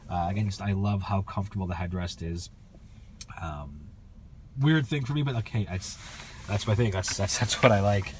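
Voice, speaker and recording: A man with a very low voice reviews a car in a loose, casual way, stumbling through fillers and restarts. He sounds nasal and stuffed up from a cold, with a faint hum of ambient noise behind him. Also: moderate pace, darkish tone. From Canada. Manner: rambling, many fillers and restarts.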